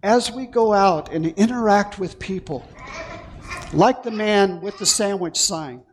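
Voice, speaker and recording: A male pastor preaching an excited, animated sermon, with playful asides to the congregation. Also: high voice, a little slow, husky.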